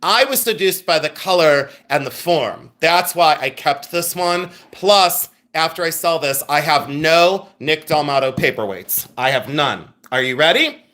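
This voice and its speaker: A middle-aged man runs a live online sale in a chatty, busy way, reading viewer names and orders aloud. His voice is bright and forceful and sits a little high. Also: lively intonation, a little slow, few pauses. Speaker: live-stream sale host. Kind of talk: live-stream selling chat.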